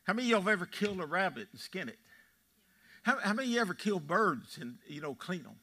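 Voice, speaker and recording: His voice sits high, bright and forceful, rising and falling in a sing-song way as he talks fast. The Texan pastor, a man in his eighties, delivers a folksy, story-driven sermon in the church sanctuary and fires questions at the people in the pews.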